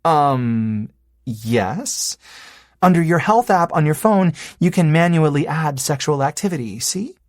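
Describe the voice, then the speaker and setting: A man's voice: on the high side, expressive, a little slow, dry recording, studio quality, voice pushed up. A male narrator voicing a playful, blunt young woman in an audiobook, teasing and matter-of-fact.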